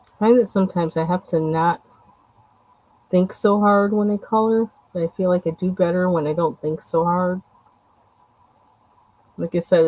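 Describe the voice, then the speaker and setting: Chatty low-voiced woman coloring live. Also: dark tone, no echo, rough recording. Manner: rambling, chatty, lots of fillers. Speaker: livestream host. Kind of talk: casual chat while coloring.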